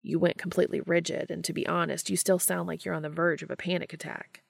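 A woman reads a romantic story aloud, her voice low and gravelly. She keeps the delivery soft and intimate, slipping into a hush for the dialogue. The recording is dry and close, with no room sound. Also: little pitch movement, quick pace, no echo. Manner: soft, intimate reading with hushed, unvoiced dialogue. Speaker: fanfiction podcast reader. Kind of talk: narrated reading of fan fiction.

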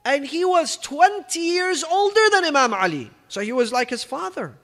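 Male preacher, strikingly high pitch, emphatic storyteller, long hall echo. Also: sing-song, moderate pace, a bit bright. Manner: emphatic storyteller, acting out quoted speech, rich in Arabic phrases. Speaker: religious speaker. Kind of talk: storytelling sermon.

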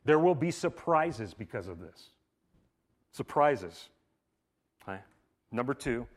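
A male pastor preaching a sermon in a church, casual and conversational, with frequent asides, swinging from loud emphatic stretches to quiet hushed ones. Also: mid-range voice. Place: church sanctuary.

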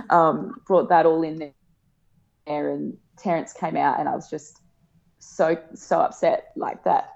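Aussie woman in her 30s telling her story, lowish voice, kinda dull lo-fi sound. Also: creaky, a little mellow. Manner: emotional, laughing often, acts out quotes in a higher voice. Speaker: guest. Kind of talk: casual storytelling.

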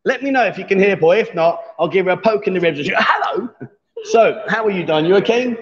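A man in his fifties hosting a casual livestream from a bar, joking and bantering loudly with guests. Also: high voice, lively intonation, fast talker. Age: 50s. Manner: jokey, banter-heavy, loud. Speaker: livestream host. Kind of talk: casual live-stream chat. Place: bar in Pattaya. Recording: dull, lo-fi livestream sound.

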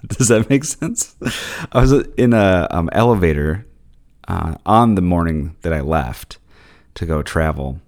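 A man hosting a podcast, chatting casually and telling rambling stories with animated quoted voices. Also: sits low, measured pace. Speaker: podcast host. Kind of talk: casual solo podcast chat.

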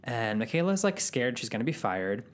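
A man's voice: mid-range voice, big pitch swings, moderate pace. Man telling a rambling story. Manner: rambling, with many ums. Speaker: podcast co-host. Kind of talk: casual storytelling.

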